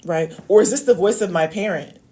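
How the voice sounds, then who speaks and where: A woman's voice: mid-range voice, fairly quick, mellow. A woman coaching on love, talking casually and emphatically to viewers on a live stream. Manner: emphatic, preachy, addresses viewers as y'all.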